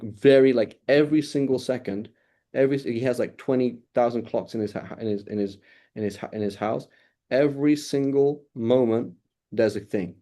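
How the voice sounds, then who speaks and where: A man's voice: medium pitch, mellow. A man giving an informal religious lesson, talking conversationally, repeating phrases and keeping the class with him by asking "right?" again and again. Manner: repeats phrases to drive points home. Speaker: religious teacher.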